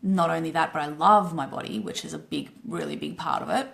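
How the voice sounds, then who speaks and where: A woman coach with an Australian accent giving a blunt, casual live-stream pitch, swearing freely and tagging her points with "right?". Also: wildly swooping pitch, brisk, creaky.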